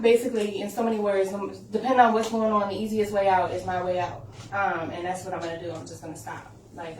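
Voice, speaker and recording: A woman co-hosting a podcast in casual chat, blunt and laughing as she talks. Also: medium pitch. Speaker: podcast co-host. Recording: echoey room, far from the mic, background noise.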